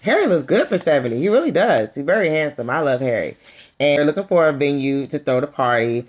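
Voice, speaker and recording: A woman's voice: low-pitched, fast talker. Sassy woman giving gossipy commentary. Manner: animated, calls out people directly. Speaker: reality TV recap vlogger. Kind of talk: casual episode review.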